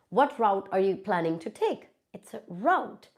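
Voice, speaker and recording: A woman's voice: mid-range voice, big pitch swings, moderate pace. A woman with an Indian English accent hosting a casual live Q&A, answering viewer questions in an emphatic way and repeating words for stress.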